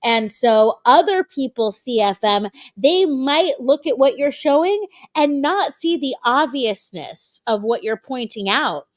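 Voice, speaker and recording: High-voiced chatty woman guest. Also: expressive, a little slow, hardly any pauses, no echo, clean studio sound. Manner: rambling, apologetic, playful. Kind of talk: casual chat.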